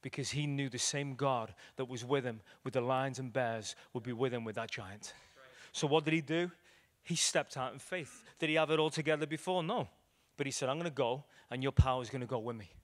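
A male evangelist preaching a sermon, telling stories with acted quotes and swinging between loud declarations and hushed moments. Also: medium pitch, normal speed, few pauses. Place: church hall.

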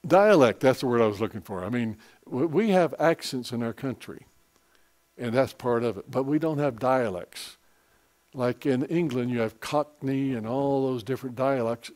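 Guy preaching, folksy and rambly, mid-pitched everyday voice. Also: darkish tone. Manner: folksy, rambling with personal asides. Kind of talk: sermon, Bible teaching.

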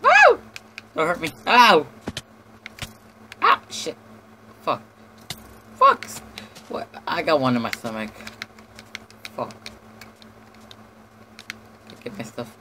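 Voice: medium pitch, slow pace, pauses often, fairly bright tone, slight background noise. A gamer giving casual, jumpy commentary on his own play, with lots of swearing, panicked yelps and idle humming. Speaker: lets-play host.

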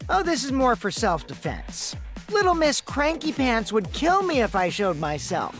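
An actor voicing a mischievous, teasing teenage boy speaking through a robot shell in a video game dub, with a flat synthetic tone. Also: mid-range voice, moderate pace. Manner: teasing, smug, playful. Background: game music.

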